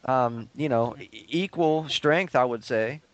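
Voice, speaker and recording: Male co-host, mid-range voice, relaxed chat; short agreeing replies, gentle pushback. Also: mid-range voice, slow pace. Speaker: podcast co-host. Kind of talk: casual podcast chat.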